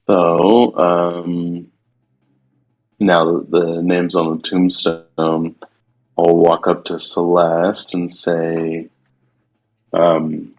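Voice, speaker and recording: A man's voice: deep voice, completely flat delivery, very slow, long pauses, darkish tone, soft background music, poor audio. A man player in a tabletop game who speaks hesitantly with many fillers.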